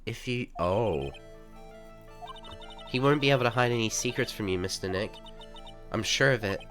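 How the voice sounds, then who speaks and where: A man's voice: lowish voice, moderate pace, fairly bright tone, faint music behind, lightly acted. A man voicing a cheerful young female sidekick in a video game read-through, speaking in an eager, chirpy way. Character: cheerful young woman, spirit medium sidekick.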